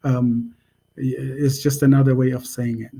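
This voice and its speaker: A man teaching a language in a casual spoken lesson, unhurried and hesitant, with many pauses and fillers. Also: mid-range voice, little pitch movement, creaky, noisy background.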